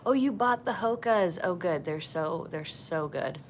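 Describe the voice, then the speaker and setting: A woman hosting a casual livestream from a resort balcony, chatting softly and gushing over the animals she sees. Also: lowish voice, lively intonation, a little slow, slight background noise. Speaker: vlog host. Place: resort balcony overlooking savanna, outdoors.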